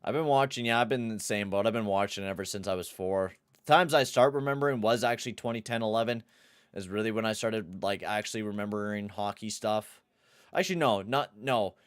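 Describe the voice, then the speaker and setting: Excitable young man streaming a hockey game. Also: on the low side, a little fast, smooth, dry recording, studio quality. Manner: excitable, swears, shouts at the game. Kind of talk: live gameplay commentary and chat.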